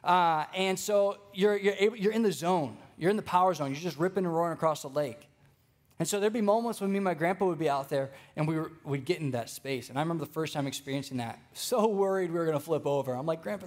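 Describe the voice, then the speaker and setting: A young man preaching a sermon, telling stories with lively energy and speaking straight to the congregation. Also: fairly high pitch. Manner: storytelling, animated, addresses congregation directly.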